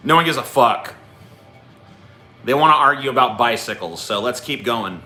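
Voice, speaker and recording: Guy ranting at his stream chat, swearing nonstop, sharp bright voice. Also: medium pitch, lively intonation, a little slow, soft background music. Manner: profane, combative ranting at chat. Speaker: livestream host. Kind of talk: ranting livestream commentary.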